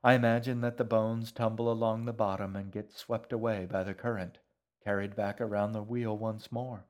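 A man voicing a gentle, wistful shaggy man in a storybook, speaking in calm, musing, unhurried sentences. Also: lowish voice, natural voice.

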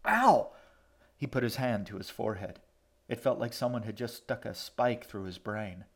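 A man narrating a story in a brisk, even audiobook reading. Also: on the low side.

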